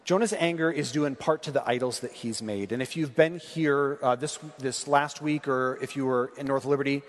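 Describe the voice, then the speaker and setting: A man's voice: medium pitch, moderate pace. A man preaching a sermon in a conversational way, reading scripture and asking the congregation questions. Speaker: pastor. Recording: long hall reverb.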